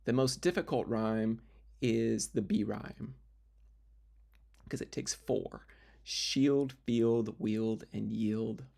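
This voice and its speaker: A man's voice: on the low side, slow, creaky, darkish tone. A man teaching literature in a recorded lecture video, explaining step by step with fillers and restarts.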